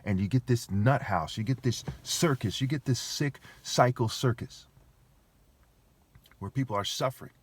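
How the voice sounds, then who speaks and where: A man's voice: mid-range voice, moderate pace. A man talking alone to camera in a rambling, emphatic monologue, repeating himself and firing off rhetorical questions.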